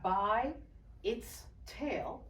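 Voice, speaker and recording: A woman from Haiti giving a testimony sermon, telling a story with animated delivery and acting out the voices of the people in it. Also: on the high side, extremely slow, a little hiss or hum. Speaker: speaker. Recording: echoey hall, distant mic.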